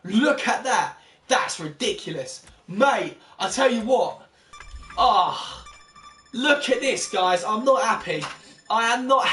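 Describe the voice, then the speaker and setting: A man's voice: high-pitched, sharp tone, reverberant, recorded from a distance. A young man commentating his football game to viewers, chatty and exasperated, calling them guys. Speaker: gaming YouTuber. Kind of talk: gameplay commentary.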